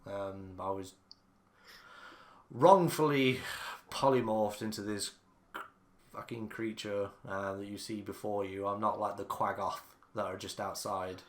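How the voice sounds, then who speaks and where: Casting: man doing a cursed elf prince stuck in beast form, low voice, earnest, tabletop game. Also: steady tone, measured pace, reverberant, natural voice.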